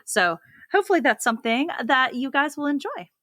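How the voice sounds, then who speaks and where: A woman co-hosting a casual podcast, chatty and quick to laugh. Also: high voice, sing-song, a bit bright, no echo. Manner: giggly, chatty, laughs often. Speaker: podcast co-host. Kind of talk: casual chat.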